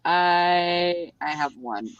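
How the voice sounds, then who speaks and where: A woman's voice: on the low side, drawn-out words, clear, resonant tone, dry recording, lo-fi sound. A woman co-hosting a casual chat, encouraging and giggly. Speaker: show co-host.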